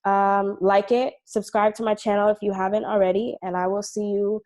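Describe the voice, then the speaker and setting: A woman's voice: medium pitch, little pitch movement, moderate pace, darkish tone. A woman teaching an online language lesson, explaining patiently and pronouncing drill words carefully. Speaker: Hebrew teacher.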